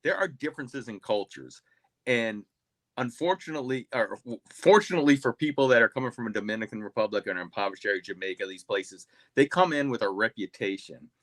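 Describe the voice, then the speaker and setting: A man's voice: medium pitch, animated, quick pace, fairly bright tone, dry recording. Man arguing a point, dry close sound. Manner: hesitant, restarts often, then argues firmly. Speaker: panel guest. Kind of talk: casual panel discussion.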